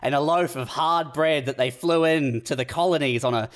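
Slightly high-voiced man ranting sarcastically. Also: moderate pace. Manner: rambling, sarcastic, swears, acts out mock quotes. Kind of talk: casual comedic chat.

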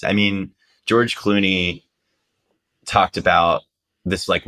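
A man, a journalist guest, telling a story casually and animatedly, with lots of "like". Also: low voice. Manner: animated, acts out quotes, lots of "like".

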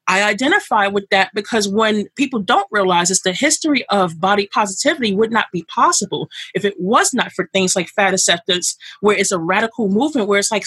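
A woman's voice: mid-range voice, slightly rough, no echo. A woman podcast guest speaking candidly and emphatically, with frequent fillers. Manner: emphatic and animated, with many fillers. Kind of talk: candid conversational interview.

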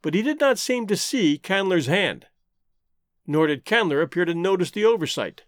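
Expressive male audiobook narrator. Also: high-pitched, normal speed, dry recording, clean studio sound. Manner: expressive, theatrical reading.

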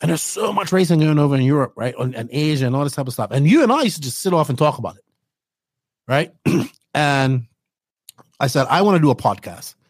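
A man's voice: on the high side, lively intonation, a little fast, husky, no room sound, studio quality. Man. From Bermuda. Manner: rambling, tags lines with "right?". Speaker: podcast host telling his story. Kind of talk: casual storytelling interview.

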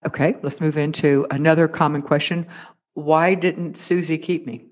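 A man hosting a casual advice conversation, posing questions in a measured, thoughtful way. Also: fairly high pitch, fairly even intonation. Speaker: host. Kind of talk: casual interview talk.

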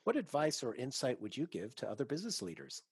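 A man's voice: medium pitch, wildly swooping pitch, fast talker, husky, dry recording, studio quality. Upbeat male podcast host. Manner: upbeat, appreciative. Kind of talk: scripted interview questions.

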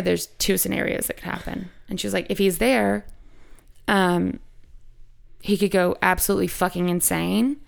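A woman hosting a podcast, telling a personal story in casual chat, rambling and frank, swearing freely. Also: mid-range voice. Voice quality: creaky.

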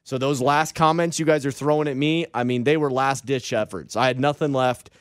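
A man's voice: mid-range voice, brisk, clean tone, no echo, clean studio sound. A man in casual banter who jokes at his own expense and retells a wild night with energy. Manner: self-mocking, animated retelling.

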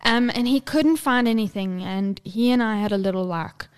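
A woman's voice: mid-range voice, moderate pace, clean tone. A young woman co-hosting a casual podcast chat, talkative and blunt, swearing freely and laughing often. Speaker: podcast co-host.

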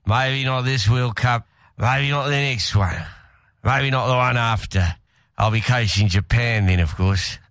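A man's voice: mid-range voice, unhurried, a bit bright, dry recording, clean studio sound. A man doing a breezy Aussie rugby coach. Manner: laid-back, keeps saying mate. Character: impression of a gruff older male rugby coach, breezy denial. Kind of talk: radio comedy sketch.

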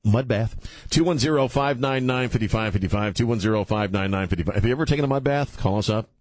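An older man with a lowish, darkish voice hosts a talk radio show, captured on a studio microphone in a radio studio with no echo. He jokes at his own expense, then tells a news story haltingly, with many fillers, in casual banter and commentary.

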